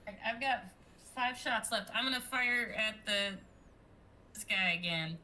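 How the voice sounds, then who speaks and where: A woman playing a tabletop game, chatting casually and reacting quickly. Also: mid-range voice, pushed and bright, slight background noise. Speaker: player.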